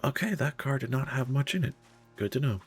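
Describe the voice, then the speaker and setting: A man's voice: mid-range voice, expressive, brisk, creaky, husky, faint music behind. A man streaming a game live, muttering through his looting and reacting to chat in casual commentary.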